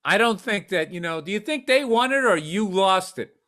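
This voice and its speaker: A middle-aged man on a podcast, riffing in casual chat with blunt, profane asides. His voice sits somewhat high for a man. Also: lively intonation, moderate pace, pushed and bright. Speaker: podcast co-host.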